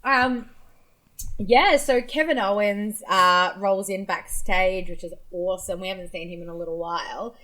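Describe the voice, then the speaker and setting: Animated woman gushing as podcast co-host. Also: medium pitch, moderate pace, rough recording. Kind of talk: casual podcast recap.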